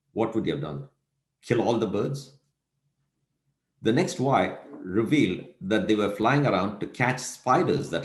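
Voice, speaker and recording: A male lecturer with a low voice that rises and falls a lot as he tells a story. He keeps asking his listeners rhetorical questions. The sound rings a little, as in an echoey room. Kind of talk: recorded lecture.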